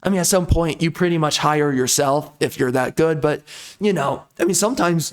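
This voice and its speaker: A man's voice: on the high side, moderate pace. A man giving ranting commentary on a video game, exasperated and full of rhetorical questions, repeating himself as he vents. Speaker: gaming commentator.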